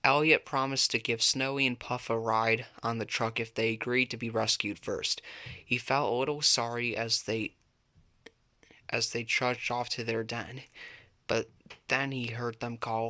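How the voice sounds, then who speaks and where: A man reading a children's picture book aloud, lifting his voice for the characters' shouts. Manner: lively read-aloud, pitching up for characters' shouts. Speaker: storybook reader.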